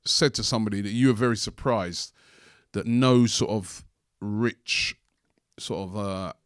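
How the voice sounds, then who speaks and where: A man's voice: lowish voice, a little slow, clear, resonant tone, dry recording, clean studio sound. A man hosting a casual podcast, chatty and teasing his guest. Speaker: podcast host.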